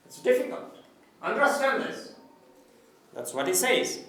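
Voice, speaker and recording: A man, teaching an English class, explaining a story slowly and asking his students questions. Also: high voice, big pitch swings, fairly bright tone. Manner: mixes in Nepali now and then. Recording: very echoey classroom, distant mic.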